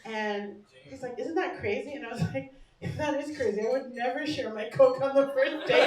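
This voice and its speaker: A woman doing stand-up with a bright, high voice and a loose, brash, chatty delivery. She laughs along at her own jokes. The sound is echoey and a bit distant from the mic, with a crowd laughing loudly behind her. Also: normal speed. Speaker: stand-up comedian. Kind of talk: stand-up set. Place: small comedy bar stage. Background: audience laughter.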